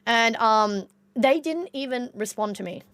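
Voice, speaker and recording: A woman's voice: fairly high pitch, animated, unhurried, fairly bright tone, clear, resonant tone, dry recording. Chatty Australian woman streamer. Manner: chatty, swears casually, reads chat aloud. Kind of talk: casual live-stream chat with viewers.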